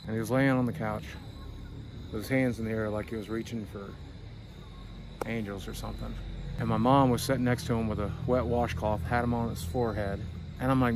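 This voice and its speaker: A man's voice: on the low side, fairly even intonation, fairly quick, noisy background. A middle-aged man vlogging a tour of his hometown, telling candid stories in a wry, conversational way. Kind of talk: casual storytelling. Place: outdoors at night.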